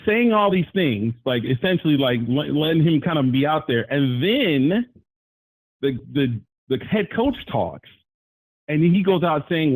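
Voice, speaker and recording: A man calling into a live sports talk show, rambling and animated, often jumping his voice up to quote people. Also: on the high side, measured pace, no room sound, poor audio. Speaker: caller.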